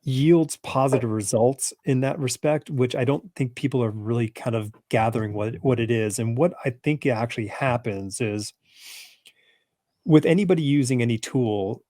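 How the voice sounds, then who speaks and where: A man's voice: mid-range voice, normal speed, dark tone, no echo, clean studio sound. A man hosting a casual podcast chat, telling stories with bursts of emphasis and frequent restarts. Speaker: podcast host.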